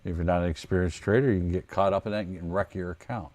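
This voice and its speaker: A man's voice: sits low, steady tone, quick pace, hardly any pauses, darkish tone, dry recording. A man from Ohio hosting a casual trading livestream, folksy and joking, calling himself plain redneck. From Ohio, United States. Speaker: trading coach host.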